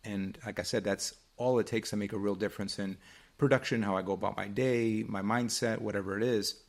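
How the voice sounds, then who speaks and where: A man's voice: lowish voice, steady tone, fairly quick. A man co-hosting a podcast, talking in a reflective, rambling way with restarts. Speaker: podcast co-host. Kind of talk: casual chat.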